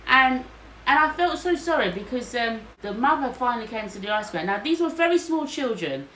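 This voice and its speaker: A woman co-hosting a podcast tells a story in casual chat, her voice on the high side and her pace brisk. She's animated and acts out what other people said. The room is echoey with faint noise.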